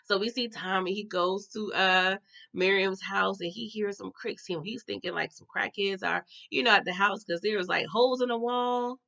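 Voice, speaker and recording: A woman recapping a TV episode in an animated, slangy way, talking straight to her viewers. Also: mid-range voice, moderate pace, vocal fry, muffled recording. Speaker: TV recap host.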